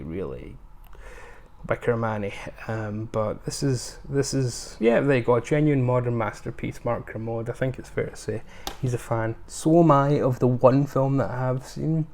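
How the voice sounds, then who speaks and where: A man's voice: mid-range voice, a little mellow. A man giving a casual, rambling review of his film purchases, with many ums and restarts. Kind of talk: casual unscripted haul review.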